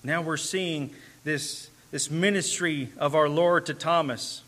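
Guy preaching, bright ringing voice, a bit high, earnest. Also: steady tone, slow. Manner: earnest, rising to emphatic and tender passages. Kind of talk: sermon.

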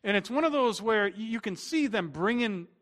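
A middle-aged male pastor preaching a sermon, swinging from emphatic to hushed. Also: high voice, animated, moderate pace.

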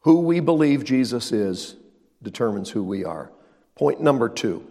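A man's voice: medium pitch, expressive, a little slow, mellow, long reverb tail. A male pastor preaching a sermon, emphatic and repeating his key lines.

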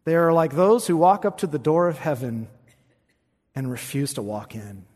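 A man's voice: fairly high pitch, lively intonation, moderate pace, a little mellow. Man preaching in an echoing hall. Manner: emphatic scripture reading, soaring on quoted verses. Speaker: pastor. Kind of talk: sermon. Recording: long reverb of a large hall.

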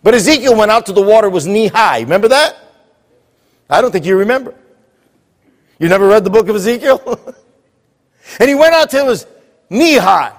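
A man's voice: high voice, expressive, fairly quick, pauses often. A man preaching a sermon to a congregation, drawing call-and-response answers from the room. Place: church with congregation. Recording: echoey hall.

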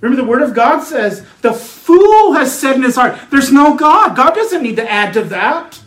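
A man's voice: extremely high pitch, very animated, normal speed, fairly bright tone, roomy sound, rough recording. A man preaching a sermon as pastor, earnest and emphatic, building his points through repeated phrases.

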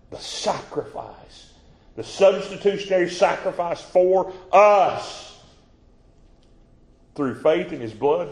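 A man preaching a sermon, moving from hushed, quiet asides to loud, stretched-out proclamations. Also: medium pitch, reverberant. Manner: swings between hushed asides and rising, drawn-out proclamation.

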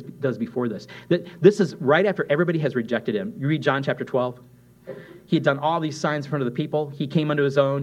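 Man preaching a conversational sermon. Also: mid-range voice. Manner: conversational preaching with quoted asides and restarts. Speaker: pastor.

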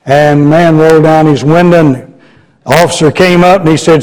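A man's voice: a little high, fairly even intonation, darkish tone, rough recording. An older man preaching a sermon as a guest preacher in a church, telling folksy stories and chuckling. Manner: slow folksy storytelling, chuckling. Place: church sanctuary.

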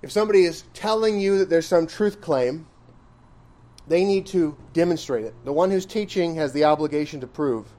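A man's voice: a little high, normal speed, mellow. A man preaching an expository sermon in a conversational style, questioning his listeners and pressing points with emphatic rises. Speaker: pastor.

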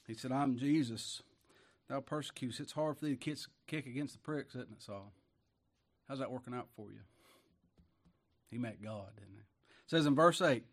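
A man preaching a sermon, reading scripture and breaking in with folksy, emphatic asides and rhetorical questions to the congregation. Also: mid-range voice.

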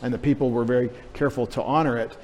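A man's voice: mid-range voice, steady tone, rapid-fire. Man preaching in a reverberant church. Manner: conversational, jokey, spells out Greek words. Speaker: pastor. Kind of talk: teaching sermon. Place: church sanctuary.

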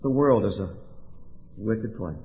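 A man preaches a sermon, unhurried and emphatic, leaning into pauses. His voice has a thin, narrow-band tone, as if heard over a phone line. It rings with a long reverb, like a big church hall. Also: fairly low pitch, lively intonation. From Oregon, USA.

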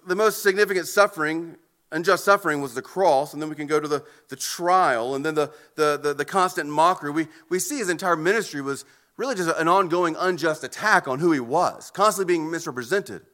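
An earnest male pastor preaching from the pulpit, his voice high-pitched and bright with a tense edge. He often stumbles and repeats words as he presses his points. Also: brisk. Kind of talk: sermon.

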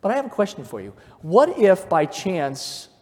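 A male pastor preaching a sermon, telling stories and building from quiet to fervent emphasis. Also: sits high, wildly swooping pitch, normal speed. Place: church sanctuary. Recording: long reverb of a church hall.

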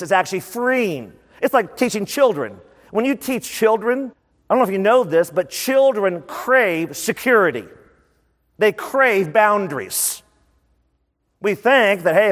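A man preaching a sermon as a pastor, lively and conversational, repeating words for emphasis. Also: high-pitched. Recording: long reverb of a large hall.

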